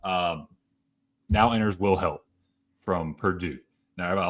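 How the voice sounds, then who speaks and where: A man's voice: deep voice, animated, moderate pace, fairly bright tone. A man co-hosting a casual sports podcast, talking confidently and rattling off player statistics. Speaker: podcast co-host.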